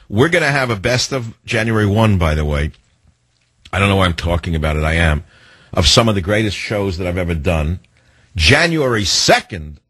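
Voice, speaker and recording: A man hosting a late-night call-in radio show, talking in a rambling, emphatic monologue with a husky voice. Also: low voice, no echo. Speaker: radio talk show host. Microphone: studio microphone.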